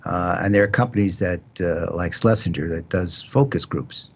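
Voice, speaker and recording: Older New York judge hosting talk radio. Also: male voice, deep voice, moderate pace, slightly rough. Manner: explanatory, repeats words, restarts. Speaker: host, retired judge. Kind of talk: casual radio talk show chat. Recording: dull lo-fi broadcast audio.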